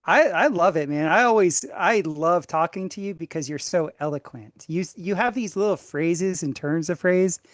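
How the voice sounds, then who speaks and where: An American man talking as a podcast guest in casual chat, halting and effusive with many restarts. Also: sits high, no room sound. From United States.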